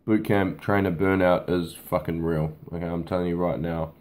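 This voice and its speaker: A man's voice: sits low, level tone, normal speed, darkish tone. A man, a boot camp fitness trainer, talking off the cuff to camera in a blunt, casual way and swearing freely. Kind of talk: unscripted talk to camera.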